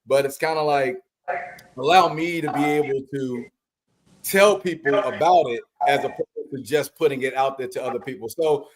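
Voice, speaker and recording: A man's voice: medium pitch, normal speed, background noise. A man co-hosting a movie podcast, talking casually in rambling, filler-heavy sentences. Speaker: podcast co-host. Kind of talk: casual movie review chat.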